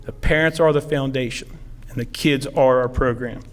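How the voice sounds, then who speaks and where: A man's voice: mid-range voice, fairly even intonation, moderate pace. A middle-aged man from southeastern Ohio, a football coach giving an acceptance speech, telling stories in a rambling, heartfelt way with many fillers. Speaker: football coach, hall of fame inductee. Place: ceremony hall. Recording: long hall reverb.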